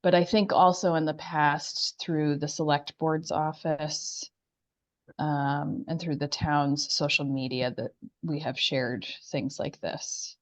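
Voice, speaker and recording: A woman's voice: deep voice, steady tone, slow. A woman on a video call in a remote town meeting, explaining things at length with many fillers. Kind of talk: remote public meeting discussion. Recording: muffled video-call audio.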